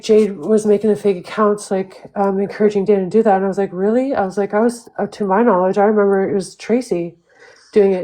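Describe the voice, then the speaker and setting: A woman's voice: mid-range voice, warm tone, poor audio. Lady on a live stream going off, angry and swearing a lot, repeats herself. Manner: heated, profane, repetitive ranting. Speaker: livestreamer. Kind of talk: ranting livestream monologue.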